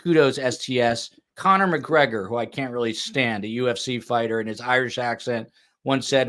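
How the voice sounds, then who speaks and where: A man's voice: mid-range voice, moderate pace, fairly bright tone. A man hosting a true crime podcast, chatting casually, joking about himself and reading out viewer comments. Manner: chatty, self-deprecating, reads viewer comments. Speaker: podcast host.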